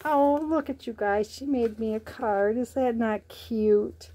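Slow-talking gushing woman crafter. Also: on the high side, dark tone, slight background noise. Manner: gushing, gasps often with delight. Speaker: crafting vlogger. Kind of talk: casual unboxing chat.

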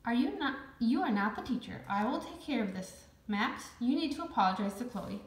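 A woman's voice: fairly high pitch, lively intonation, fairly quick, voice pushed up. A firm, patient schoolteacher from a children's storybook, as a woman reads her lines aloud. The sound is roomy, with an echo around it. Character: strict female schoolteacher.

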